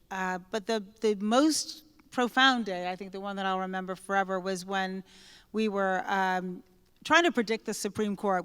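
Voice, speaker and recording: A woman speaks with a smooth, clean tone at a mid pitch. She is a guest author in an onstage conversation, telling lively anecdotes and acting out the lines of the people in them. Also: long reverb tail. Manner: lively anecdotal storyteller who acts out quoted speech.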